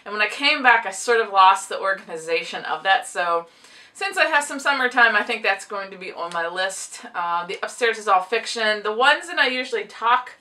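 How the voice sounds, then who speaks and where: A woman's voice: medium pitch, lively intonation, moderate pace, bright, forceful tone, distant mic. A woman chatting casually to camera about her books, rambling and laughing often while chewing gum. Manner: chewing gum, audible clicking. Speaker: book vlogger; teacher of a book publishing class.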